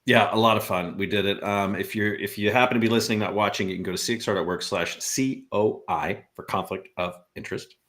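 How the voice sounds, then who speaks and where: A man's voice: lowish voice, steady tone, fairly quick, few pauses, a bit bright. A man hosting a podcast in casual chat, joking, laughing often and drifting into rambling asides. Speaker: podcast host.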